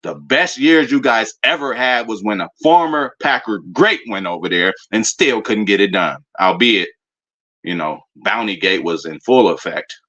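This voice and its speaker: Excitable profane man ranting about football. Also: lowish voice, moderate pace, highs cut off. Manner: animated, profane, rambling fan banter. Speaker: sports fan commentator. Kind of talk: casual fan rant.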